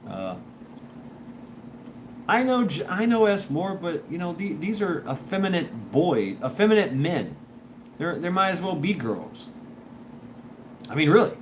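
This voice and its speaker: A man hosting a livestream reads chat and chats loosely, a little slow and pausing often. His reactions come in fits and starts with plenty of repetition, his pitch moves around a lot, and steady hiss lies underneath.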